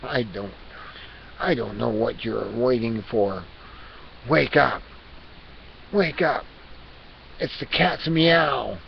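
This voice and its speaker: A man's voice: on the low side, steady tone, a little slow, creaky. A man voicing a male house cat who rants and scolds, hectoring listeners to pay attention. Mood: scolding. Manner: hectoring, conspiratorial, repeats demands to pay attention. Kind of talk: comic character rant. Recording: dull lo-fi recording with hiss.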